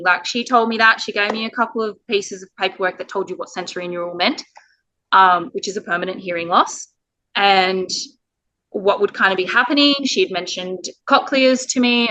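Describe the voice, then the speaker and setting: A woman's voice: mid-range voice, normal speed, pushed and bright, rough recording. A woman from Australia, a parent telling her story in an interview, earnest and emotional with the odd laugh. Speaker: parent guest.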